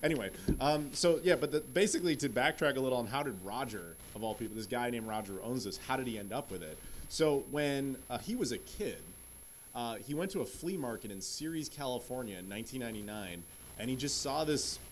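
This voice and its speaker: A man's voice: mid-range voice, fairly quick, a little hiss or hum. A man on a convention panel, casually telling a story and animatedly acting out what people said. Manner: animated, acts out quotes of others.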